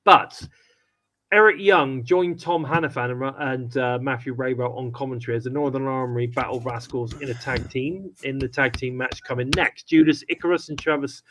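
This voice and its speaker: A man's voice: mid-range voice, moderate pace, fairly bright tone, low-quality recording. A man co-hosting a wrestling review podcast, chatting casually and rambling with many restarts. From United Kingdom. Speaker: podcast co-host.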